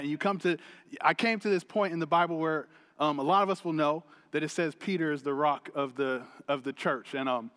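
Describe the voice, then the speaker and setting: A man in his thirties preaching a sermon, energetic and chatty, telling a family story with laughs. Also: on the high side, fairly quick, big-room sound. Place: church hall stage.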